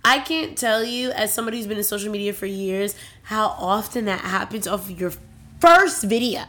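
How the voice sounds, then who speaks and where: A woman's voice: medium pitch, expressive, moderate pace, sharp tone. A young adult woman co-hosting a podcast in casual chat, supportive and affirming. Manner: supportive, affirming, listening with frequent yeahs. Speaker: podcast co-host.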